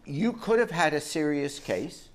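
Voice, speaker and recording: A man's voice: on the high side, lively intonation. An older man presiding as a television judge, blunt and wry, handing down rulings in a courtroom. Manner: blunt, joking, brisk rulings. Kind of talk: courtroom TV show. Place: TV courtroom set.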